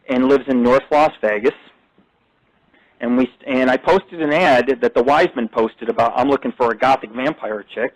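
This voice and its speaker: A man's voice: mid-range voice, no echo, poor audio. A middle-aged man hosting a live internet radio talk show, ranting and boasting in crude, profane language.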